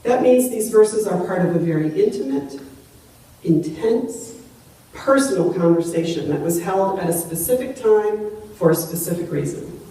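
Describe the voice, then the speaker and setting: A woman's voice: lowish voice, mellow. A woman pastor preaching a sermon in an earnest, conversational way with plain asides. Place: large church sanctuary. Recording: very echoey sanctuary, voice from far off.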